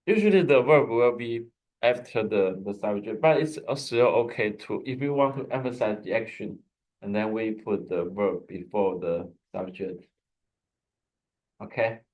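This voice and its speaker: A man's voice: on the low side, measured pace, a little mellow, rough recording. A man teaching a Hebrew lesson over a video call, explaining patiently with frequent restarts and fillers. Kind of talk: online language lesson.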